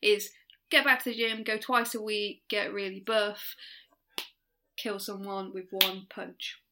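A woman's voice: mid-range voice, level tone, unhurried, very noisy. A woman co-hosting a podcast in casual chat, giggly and self-mocking. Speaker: podcast co-host.

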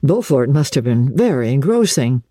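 A woman doing a stiff, pompous young gentleman. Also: very deep voice, sing-song, no room sound, studio quality, full character voice. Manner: measured and dignified.

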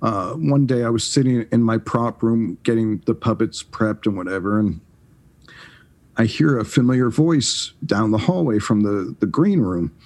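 Husky middle-aged man telling stories. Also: lowish voice. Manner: animated, halting with restarts. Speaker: podcast guest. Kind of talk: casual storytelling.

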